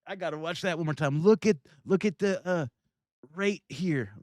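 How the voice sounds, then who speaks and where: A man's voice: fairly high pitch, moderate pace, darkish tone, no room sound, clean studio sound. A man hosting a livestream, reacting to video clips in casual, irreverent commentary and laughing often. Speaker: livestream host.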